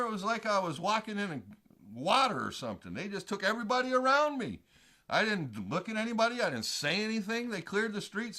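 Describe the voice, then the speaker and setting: A man's voice: sits high, pushed and bright. A male show host telling a rambling personal story in a casual, salty way and swearing freely.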